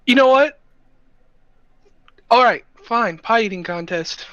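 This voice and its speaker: A man's voice: extremely high pitch, expressive, takes it slowly, a bit bright. A man playing a tabletop game, chatty and laughing, often hesitating mid-sentence. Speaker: player. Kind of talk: casual tabletop game play. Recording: dull, dry, lo-fi mic.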